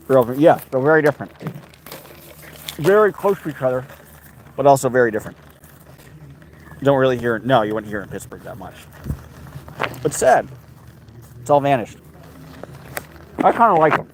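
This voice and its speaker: A man's voice: medium pitch, animated, normal speed, pauses often, a little hiss or hum, low-quality recording. A man hosting a casual livestream outdoors by a river, rambling loosely and breaking into sing-song chatter to his dog. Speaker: livestream host. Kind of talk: casual rambling live chat.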